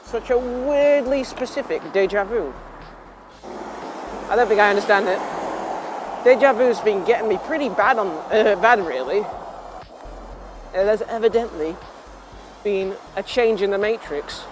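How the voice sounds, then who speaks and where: High-voiced, self-mocking lad. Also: male voice, a little slow, long pauses, over music. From England. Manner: self-mocking, laughs often, trails into tangents. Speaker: vlogger. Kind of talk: rambling casual storytelling.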